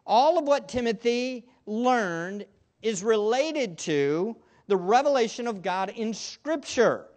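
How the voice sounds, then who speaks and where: A male pastor preaching a sermon to a congregation, stressing words emphatically and then dropping into soft asides. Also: high-pitched, expressive, takes it slowly. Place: church room with a congregation.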